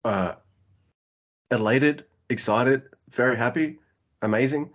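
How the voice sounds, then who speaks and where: A man co-hosting a casual wrestling podcast, excitable and sweary, acting out wrestlers' lines as he recaps. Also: medium pitch, takes it slowly. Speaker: podcast co-host. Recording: dull lo-fi audio.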